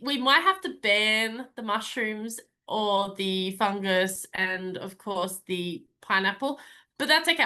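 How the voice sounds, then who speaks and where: A woman hosting a club meeting, talking in a playful, jokey, animated way. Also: mid-range voice. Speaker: Toastmaster of the day.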